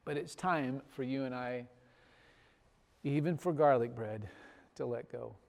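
A man preaching a sermon as pastor, telling a story with big swells in loudness and soft, trailing phrase endings. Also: mid-range voice, unhurried, gravelly, in a large hall. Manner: animated storytelling, swells loud on punchlines, drops soft at ends.

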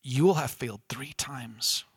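A preacher voicing Jesus as a calm, solemn teacher speaking quietly and gravely. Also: male voice, medium pitch, unhurried, no echo, clean studio sound.

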